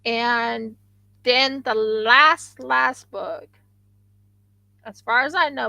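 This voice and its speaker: A woman's voice: a little high, very slow, vocal fry, long pauses, sharp tone, no room sound, low-quality recording. A woman hosting a craft livestream, chatting casually and rambling with frequent restarts.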